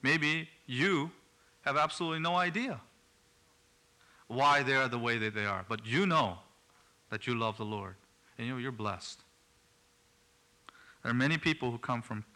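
A man's voice: medium pitch, moderate pace, long pauses, sharp tone. A man preaching a sermon in an earnest way, rising to emphatic bursts.

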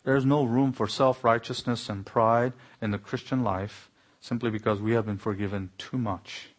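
Guy preaching a sermon, kinda husky, gets fired up sometimes. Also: medium pitch, steady tone, moderate pace. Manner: earnest preaching, rising to exclamations. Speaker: pastor.

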